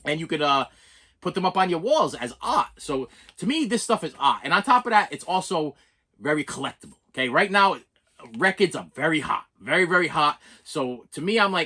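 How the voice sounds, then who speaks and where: A man with a Boston accent talks his way through an unboxing in a loose, rambling way. He keeps restarting his sentences and pokes fun at himself. His voice sits a little high and sounds sharp and bright. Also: sing-song, brisk, slightly rough. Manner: rambling and self-deprecating, many restarts. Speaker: collector vlogger. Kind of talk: casual unboxing chat.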